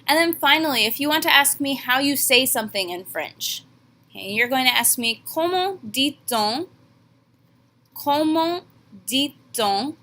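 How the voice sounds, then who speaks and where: A woman French teacher giving a classroom lesson, slowly modeling each phrase. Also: high voice, bright, forceful tone.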